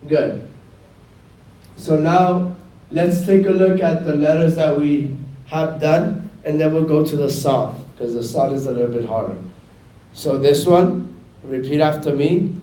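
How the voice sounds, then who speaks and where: A man's voice: on the high side, unhurried, warm tone. A man with a Northeastern US accent teaching Arabic letters in a classroom, calling out letter names for students to repeat. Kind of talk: classroom lesson, slow and repetitive. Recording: echoey room picked up from a distance.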